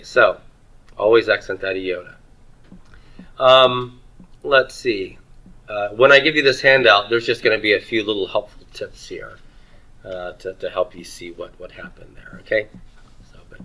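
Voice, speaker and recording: Male teacher, bright forceful voice, upbeat and joking, classroom lecture, leads repeat-after-me drills. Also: lowish voice, a little slow, pauses often, rough recording. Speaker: Greek teacher.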